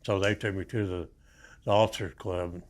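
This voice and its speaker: A man's voice: sits low, fairly even intonation, normal speed. A man, a Vietnam veteran telling war stories in a plain-spoken, rambling way. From Oklahoma. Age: 70s. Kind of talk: storytelling interview.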